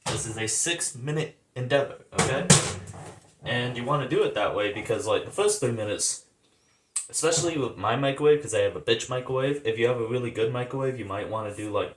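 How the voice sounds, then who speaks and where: A man hosting a casual cooking vlog in his home kitchen, rambling, slangy and amused at himself. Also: mid-range voice. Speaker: cooking vlogger. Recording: echoey room, faint noise.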